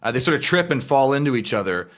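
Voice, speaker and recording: A man's voice: mid-range voice, big pitch swings, fast talker, a bit bright. A man narrating a tabletop game as game master, casual, with many fillers.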